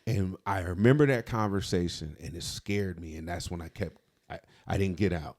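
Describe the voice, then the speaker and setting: A man's voice: low-pitched, normal speed, a little mellow. A man co-hosting a podcast, telling an emotional, confessional story from his past in casual talk. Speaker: podcast co-host.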